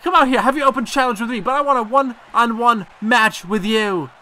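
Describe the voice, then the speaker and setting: A man's voice: brisk, sharp tone. A man voicing a cocky Irish woman wrestler in a mock Irish accent, delivering a defiant video game promo with brash trash talk. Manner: brash trash talk, higher than his own voice.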